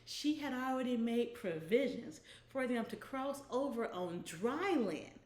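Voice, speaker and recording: Slow-talking woman giving a devotional. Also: a little high, animated, a little mellow, roomy sound. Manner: conversational, often adds "right?". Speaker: devotional host. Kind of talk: weekly inspirational devotional talk.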